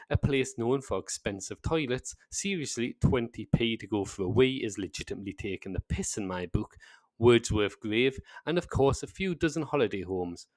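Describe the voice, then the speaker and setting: A man's voice: fairly low pitch, animated, fairly quick, no echo. A man with a Northern English accent giving a scripted video-essay narration full of sarcastic asides. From north of England.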